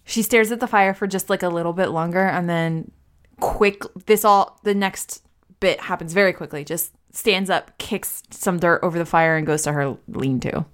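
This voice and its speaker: A woman's voice: lowish voice, normal speed. A woman playing a tabletop role-playing game, casually describing what her character does. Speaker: player.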